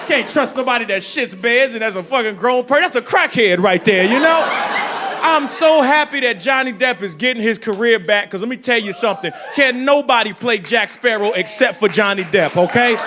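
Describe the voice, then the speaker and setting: A man performing a loud, animated stand-up set in a comedy club, telling stories full of voices and shouts. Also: very high voice. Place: comedy club with live audience. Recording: live club recording with crowd laughter and noise.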